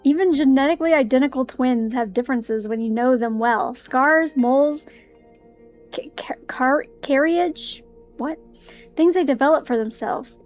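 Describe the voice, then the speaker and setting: A woman's voice: high-pitched, moderate pace, a little mellow, faint music behind. A young woman streaming a visual novel, reading the narration aloud with giggly, easily spooked commentary. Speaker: game streamer.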